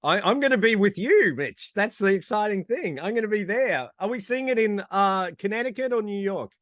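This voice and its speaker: A man co-hosting a podcast who chats in an agreeable, joking way. His voice is high for a man. The recording is dry and close, with no echo. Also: animated, moderate pace, fairly bright tone. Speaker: podcast co-host. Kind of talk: casual chat.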